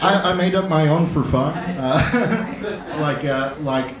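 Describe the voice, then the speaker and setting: A man doing a stand-up comedy set on a club stage, talking in a halting way with lots of fillers and restarts. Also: fairly high pitch, very noisy. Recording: roomy club, distant mic, loud audience.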